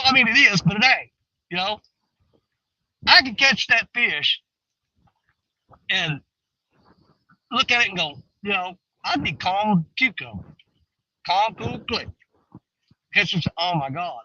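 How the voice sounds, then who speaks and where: Animated man, folksy vlog ramble. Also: very high voice, no room sound, muffled recording. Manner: folksy, animated, swings between excited and hushed. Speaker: outdoor fishing vlogger. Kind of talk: casual rambling talk to viewers. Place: outdoors on a riverbank.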